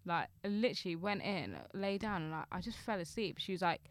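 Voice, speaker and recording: A woman's voice: lowish voice, fairly quick, no room sound. A woman co-hosting a casual podcast, talking candidly and rambling a little. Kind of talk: casual chat.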